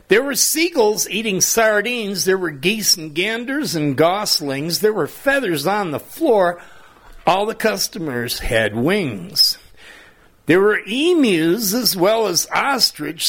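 Older male poet, reads his light rhyming verse slowly, lively sing-song voice. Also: sits high. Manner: slow, lively rhyming recitation. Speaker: poet reading his own work. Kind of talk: reading humorous rhyming verse.

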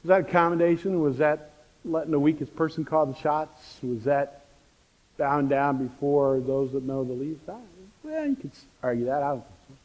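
A man preaching a sermon as the pastor, telling a story with animated, repetitive emphasis. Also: on the high side, moderate pace. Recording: long reverb of a church hall.

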